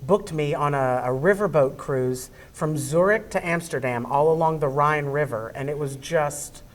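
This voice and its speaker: Low-voiced woman comedian. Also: moderate pace. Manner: animated storyteller, laughing through anecdotes. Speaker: comedian guest. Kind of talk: casual interview chat. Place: studio interview set.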